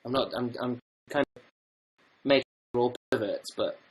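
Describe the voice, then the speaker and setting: A young man chatting on a livestream from home in a mid-pitched voice. He reads out viewer questions and answers with rambling, self-deprecating jokes and quick asides. His delivery is loose and conversational. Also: rough recording. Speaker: livestream host. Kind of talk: casual livestream chat, reading viewer comments.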